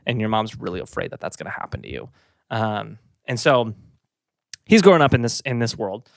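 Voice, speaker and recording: A man's voice: mid-range voice, a bit bright, dry recording, clean studio sound. A man co-hosting a casual podcast, telling a story with lots of fillers and restarts, a bit out of breath and slightly sick. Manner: rambling, many fillers and restarts, laughs easily. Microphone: podcast mic, pointed down.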